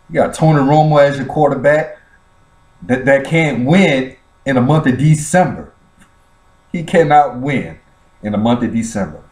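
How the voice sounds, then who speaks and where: A man's voice: medium pitch, a little mellow, distant mic. A man drawls out a mocking football rant, his voice swooping widely up and down. The room around him is echoey. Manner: teasing, theatrical fake sobbing and laughing. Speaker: vlogger reacting to a sports clip.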